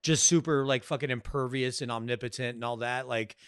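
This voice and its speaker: A man's voice: medium pitch, fairly even intonation, fairly quick, a bit bright, clean tone, dry recording. Man, podcast co-host, casual banter, profane and playful, dry studio sound. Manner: profane, jokey, slips into mock quotes. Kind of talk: casual movie-review chat.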